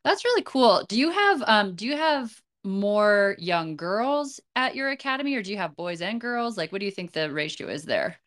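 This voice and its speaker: A woman hosting a casual podcast interview, encouraging and quick to agree with her guest. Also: mid-range voice, lively intonation, fairly bright tone. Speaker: podcast host.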